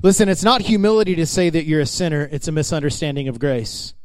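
Higher-voiced man preaching a sermon. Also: expressive, fast, a little mellow, clean tone, no room sound. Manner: emphatic, conversational preaching that addresses the congregation directly. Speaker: pastor.

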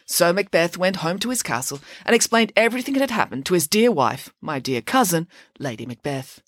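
Expressive woman reading a comic story. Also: lowish voice, a little fast, no room sound, studio quality. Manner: expressive, playful.

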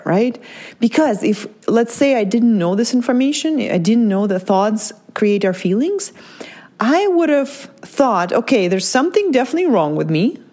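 A woman's voice: medium pitch, darkish tone. Candid woman podcaster talking it through. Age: adult parent. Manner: candid, repeats "right?" often, many restarts. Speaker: podcast host. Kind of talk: personal reflective monologue.

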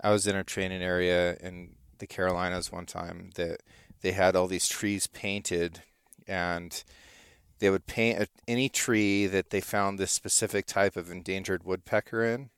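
A man's voice: low-pitched, steady tone, moderate pace, fairly bright tone, clean tone, no echo, clean studio sound. A man hosting a casual interview, telling stories and laughing often. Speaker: podcast host.

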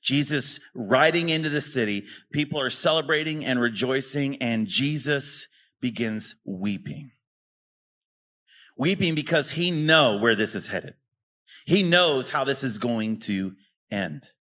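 A man preaching a sermon in a relaxed, conversational way, often tossing rhetorical questions to his listeners. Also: medium pitch, unhurried. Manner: casual, asks rhetorical questions. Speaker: pastor.

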